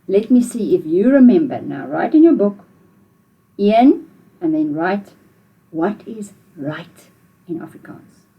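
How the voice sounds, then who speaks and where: A woman's voice: mid-range voice, sing-song, slow, pauses often, breathy edge, highs cut off. A woman with a South African accent teaching a video language lesson to children, patiently repeating phrases for learners to say back.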